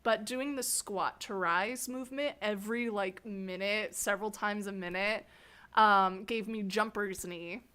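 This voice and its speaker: A woman hosting an interview, telling rambling anecdotes in a casual, animated way and laughing often. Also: medium pitch, measured pace, clean tone. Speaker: host interviewing a fellow scare actor. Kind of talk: casual storytelling chat.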